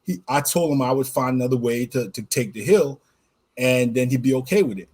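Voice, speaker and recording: A man co-hosting a podcast, telling a personal story in casual chat, animated and laughing as he goes. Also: medium pitch, a little fast, breathy edge. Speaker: podcast co-host.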